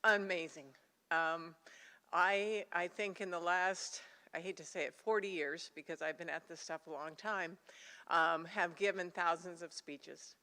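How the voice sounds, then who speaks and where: Older woman, low voice, earnest and emotional, addressing students from a stage in a reverberant auditorium. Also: fairly even intonation, a little slow, sharp tone. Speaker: Secretary of State, competition judge. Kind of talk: speech to students at an awards ceremony. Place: college auditorium. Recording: hall reverb.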